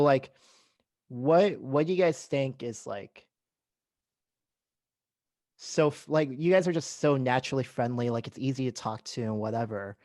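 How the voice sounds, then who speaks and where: A man's voice: mid-range voice, no room sound, clean studio sound. Chatty man hosting, filler-heavy. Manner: rambling, heavy use of "like", animated when retelling. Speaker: podcast host. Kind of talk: casual interview chat.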